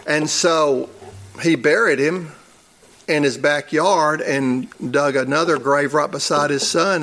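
A man's voice: mid-range voice, a bit bright. A man, a church elder, preaching a sermon in a conversational storytelling way and chuckling at his own stories.

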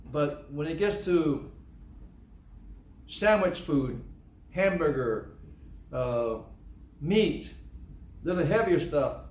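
A man's voice: fairly high pitch, expressive, drawn-out words, pauses often, a little mellow, reverberant. An older man preaching a sermon as pastor, emphatic and repetitive, acting out excuses people give. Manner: emphatic, repetitive, acts out church members' excuses. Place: church.

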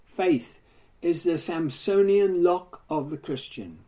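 A man delivers a sermon in a mellow, somewhat high voice. He declaims, with rising lists of phrases that swell in force and then sink to quiet, grave endings. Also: slow, rough recording. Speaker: preacher.

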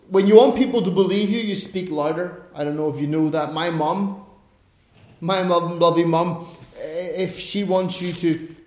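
A high-pitched man preaches a sermon in a roomy, echoing space. His delivery is animated storytelling that swings between soft asides and sudden loud emphasis. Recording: echoey room.

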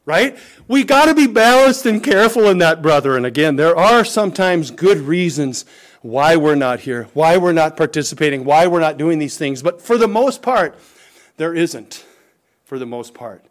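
A middle-aged pastor preaching a sermon, his somewhat high voice climbing for emphasis and dropping low for asides. He talks to his congregation directly, with a pastor's earnest urgency. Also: expressive, moderate pace. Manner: emphatic preaching, rises and falls in pitch and volume, occasional chuckles.

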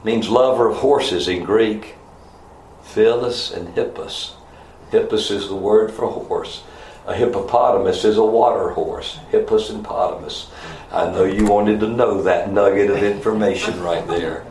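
A man's voice: fairly low pitch, a little slow, darkish tone, slight background noise. Man, pastor, expository sermon, asides and self-corrections, echoey sanctuary. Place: church sanctuary.

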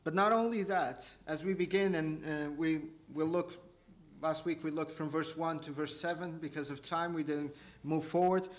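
A man preaching an expository sermon, earnest and halting, with frequent hesitations and restarts, slowing down to stress key phrases. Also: a little high, fairly even intonation. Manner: slows and rises for emphasis.

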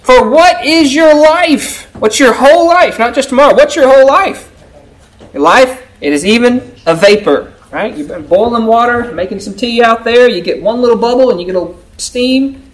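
A man's voice: extremely high pitch, lively intonation, fairly quick, low-quality recording. A man preaching a sermon to a congregation in a conversational style, often checking in with them by asking "right?". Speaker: pastor.

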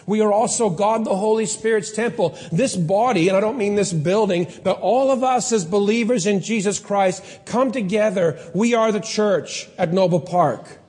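A man's voice: high voice, normal speed, hardly any pauses, a little mellow. A man preaching a sermon as pastor, earnest and pleading, in a church. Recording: long hall reverb.

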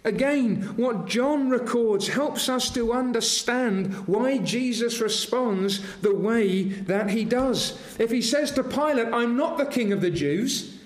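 A man preaching a sermon, earnest and asking his congregation rhetorical questions. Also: extremely high pitch. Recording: roomy echoing hall.

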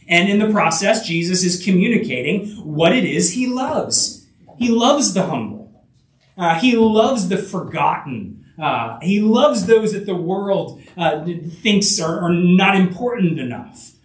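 A man preaching in a church sanctuary, his voice sitting high and swinging widely as he builds to emphatic peaks. He talks earnestly, with many fillers, restarts and rhetorical asides. The sound is roomy and echoey, picked up from some distance. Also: lively intonation, unhurried. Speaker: pastor. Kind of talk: sermon.

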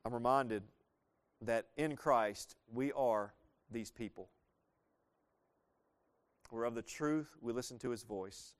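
A man's voice: medium pitch, slow pace, pauses often. A man preaching a sermon as pastor, earnest and emphatic, asking the congregation rhetorical questions and repeating phrases for weight.

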